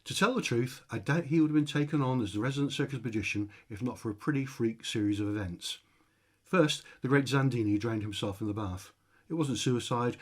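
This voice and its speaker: A man reading his own short comic story aloud, with a dry, wry delivery. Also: lowish voice. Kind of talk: storytelling narration.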